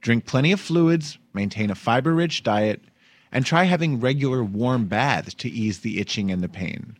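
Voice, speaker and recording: A man's voice: mid-range voice, animated, normal speed, no room sound. A man, hosting a comedic news podcast in a chatty, wry way and laughing as he talks. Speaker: podcast host. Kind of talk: casual comedic news chat.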